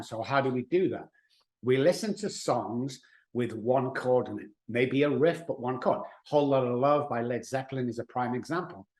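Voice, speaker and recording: A middle-aged man with a mid-range voice talks as an expert guest on a podcast. He explains with emphasis and energy, slipping into quoted lines as he goes. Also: mid-range voice. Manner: emphatic, animated storytelling with acted-out quotes. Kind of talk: conversational podcast interview.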